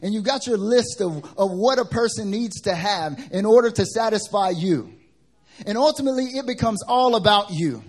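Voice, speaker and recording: A man acting out a normally gentle worship pastor who has suddenly turned heated and emphatic. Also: sits high, expressive, moderate pace, slightly rough, voice pushed up.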